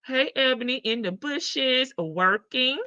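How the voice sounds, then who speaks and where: A woman's voice: high voice, lively intonation, takes it slowly, sharp tone, no echo. A woman with a Southern American accent hosting a livestream, chatting casually and folksily with viewers, laughing and calling them baby and child. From Southern United States. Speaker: livestream host. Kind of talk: casual gossip chat with viewers. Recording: dull lo-fi stream audio, dry.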